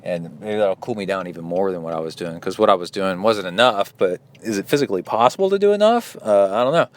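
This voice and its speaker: A man's voice: sits low, expressive, fast talker. A middle-aged man hosting a casual solo podcast, rambling with many fillers and restarts. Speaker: podcast host and triathlon coach.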